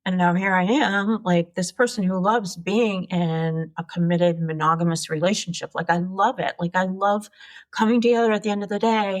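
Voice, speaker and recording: A woman's voice: fairly low pitch, moderate pace. A woman in her sixties, an entrepreneur guest, telling her life story frankly and with animation in an interview. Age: 60s. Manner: frank, animated, swears casually.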